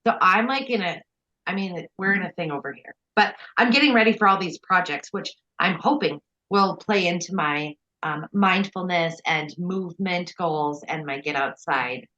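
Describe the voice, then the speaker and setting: A woman's voice: lowish voice, moderate pace, pushed and bright. Female co-host from Minnesota, chatty, dull muffled lo-fi sound. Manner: chatty, filler-heavy, wry. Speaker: podcast co-host. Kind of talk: casual chat.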